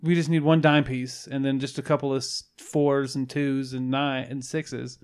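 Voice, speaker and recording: A young man co-hosting a podcast, trading crude jokes and sometimes sinking into a low, murmured mock-ASMR voice. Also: little pitch movement, moderate pace, smooth. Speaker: podcast co-host. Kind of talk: crude comedic podcast banter.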